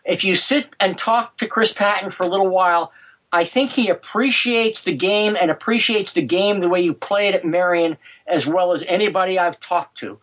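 A man telling golf history anecdotes on a podcast, halting with many fillers and restarts. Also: sits high, fairly bright tone, rough recording. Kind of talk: podcast conversation, storytelling.

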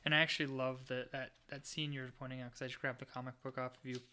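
Podcast co-host, male, bright tone, eager and chatty. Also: medium pitch, flat delivery, fast talker, clean tone. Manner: enthusiastic, heavy use of "like". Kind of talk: casual chat.

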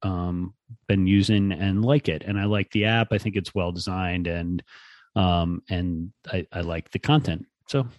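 Low-voiced man in dry podcast banter. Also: measured pace, no room sound, dull audio. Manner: relaxed, dry teasing banter. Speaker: podcast co-host. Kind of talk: casual chat.

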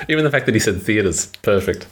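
A man, co-hosting a podcast in playful, animated casual chat. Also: on the low side, noisy background. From Australia. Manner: playful, animated, laughs often. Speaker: podcast co-host.

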